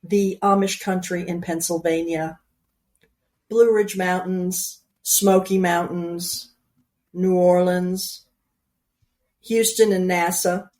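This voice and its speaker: A woman's voice: lowish voice, level tone, slow pace, long pauses, darkish tone. A woman in her sixties from New York, an outgoing guest author chatting casually and telling stories with quoted asides. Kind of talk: casual conversation.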